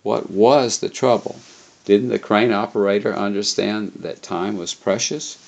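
A man reading a first-person travel memoir aloud, unhurried, with occasional slips and self-corrections. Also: fairly low pitch, steady tone, creaky, highs cut off.

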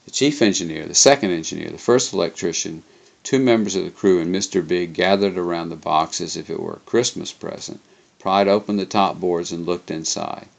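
Casting: low-voiced man narrating a memoir, gravelly, stumbles now and then. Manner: unhurried, occasional slips and self-corrections. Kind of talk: reading a memoir aloud.

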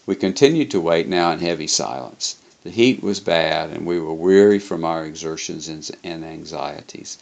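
Casting: low-voiced man narrating a memoir, gravelly, stumbles now and then. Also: highs cut off. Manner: unhurried, occasional slips and self-corrections. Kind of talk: reading a memoir aloud.

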